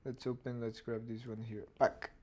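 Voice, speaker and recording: Hoarse man muttering while animating. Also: medium pitch, level tone, moderate pace, darkish tone. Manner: thinks aloud, mutters, mimics barks. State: hoarse throat. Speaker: animator streaming his work. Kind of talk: casual narrated work session.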